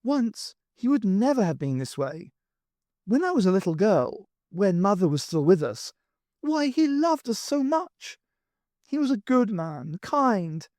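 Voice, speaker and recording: Woman narrator as an earnest, wistful young woman, lifted and lively. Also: medium pitch, a little slow, no echo, studio quality, voice pushed up. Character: young woman, sad about her father.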